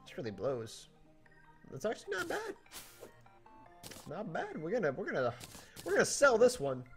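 Animated young man playing a game. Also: sits high, moderate pace, soft background music. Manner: animated, jokey, talks to the game and to viewers. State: tipsy from drinking. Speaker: gaming YouTuber. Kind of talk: let's play commentary. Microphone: desktop mic without pop filter.

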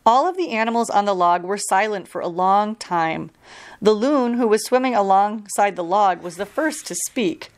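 Calm woman reading a storybook aloud. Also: medium pitch, normal speed. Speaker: park ranger reading a story.

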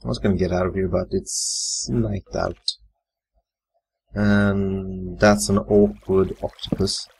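A man's voice: low-pitched, little pitch movement, slow pace, gravelly, darkish tone, a little hiss or hum. A man muttering and swearing casually while commentating his own live gameplay. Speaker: gamer. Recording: faint computer fan whine.

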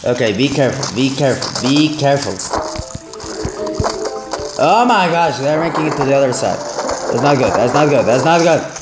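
A man giving excitable let's play commentary as a gaming channel host, exclaiming and repeating himself. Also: mid-range voice, normal speed, long pauses, over music. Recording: roomy echo.

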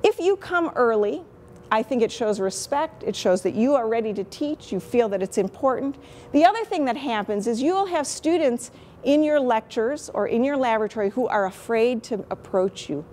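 Woman, 50s, Chicago accent, university lecturer; frank, self-deprecating, conversational; slightly high voice, faint noise behind. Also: lively intonation, moderate pace, a little mellow. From Chicago, USA. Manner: candid, chatty, self-deprecating. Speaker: microbiology professor. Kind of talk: teaching talk on lecturing.

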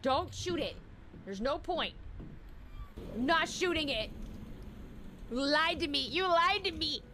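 High-pitched shrieking woman streamer. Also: animated, takes it slowly, pushed and bright, a little hiss or hum. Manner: jumpy, shrieking, chatty with viewers. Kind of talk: live gameplay commentary.

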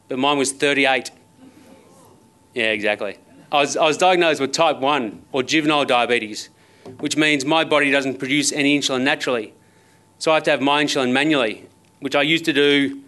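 This Australian man in his thirties, a motivational speaker, gives a conference keynote from the stage in a sharp-toned, mid-range voice. His delivery is conversational, full of personal anecdotes and dry, self-mocking wit.

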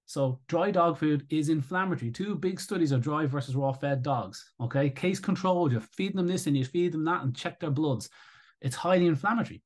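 A man giving live commentary as he reads through an article, rebutting it in an animated, sarcastic and indignant way. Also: on the high side, a little fast. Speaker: raw-feeding advocate commentator.

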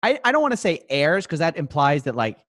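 A man's voice: on the high side, big pitch swings, a little fast, a bit bright, dry recording, studio quality. A young man hosting a casual comedic chat, playfully enthusiastic and joking. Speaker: host.

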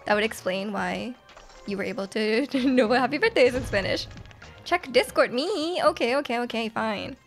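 A woman's voice: on the high side, expressive, moderate pace, soft background music. A woman live-streaming a video game, chatting casually with her chat, giggling often and reading messages aloud.

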